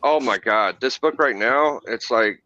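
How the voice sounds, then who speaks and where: Man, eager, chatty, bright tone, dull lo-fi audio. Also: mid-range voice, unhurried, no echo. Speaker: comic collector showing books. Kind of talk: casual live stream chat.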